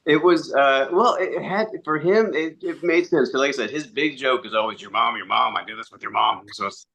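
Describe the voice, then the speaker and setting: A man, a podcast guest, telling animated stories in casual chat, acting out quotes and swearing freely. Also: medium pitch, a little fast, gravelly. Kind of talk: casual storytelling interview.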